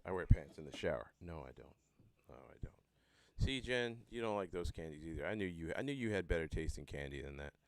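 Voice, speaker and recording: Philly-man, low voice, casual profane livestream rambler. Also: expressive, brisk, vocal fry, no echo. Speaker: band member hosting a live hangout.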